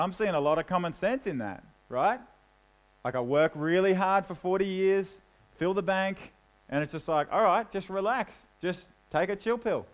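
Casual man preaching a sermon. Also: poor audio. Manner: casual, conversational with frequent "like"; drops low and quiet when reading scripture. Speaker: pastor.

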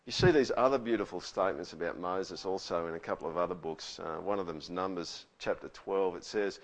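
A man's voice: low voice, brisk. A man preaching a conversational sermon, often asking the listeners questions. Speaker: pastor.

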